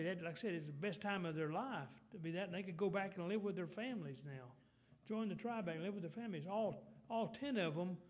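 A middle-aged man, preaching a folksy sermon with halting restarts. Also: high voice, a little mellow.

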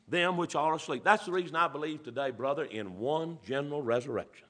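Fervent high-voiced male preacher. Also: fairly quick, few pauses. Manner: swings from quiet teaching to loud fervent preaching; folksy, filler-laden delivery. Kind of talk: sermon.

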